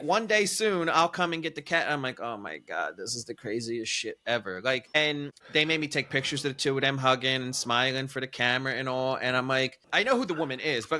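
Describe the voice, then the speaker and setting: A man, a podcast co-host telling a wild story in animated, profane, incredulous casual chat. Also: on the high side.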